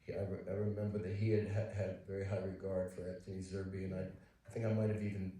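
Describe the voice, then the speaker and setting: An older man on a panel, talking in a halting way with many restarts. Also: low voice, level tone, warm tone. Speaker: actor, panel guest. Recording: echoey hall, mic far off.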